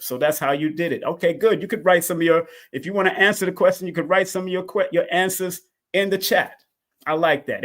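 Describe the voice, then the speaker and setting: A man hosting a live call-in stream, talking casually and repeating himself with lots of energy. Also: fairly high pitch. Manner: repetitive, animated, talks to chat and callers.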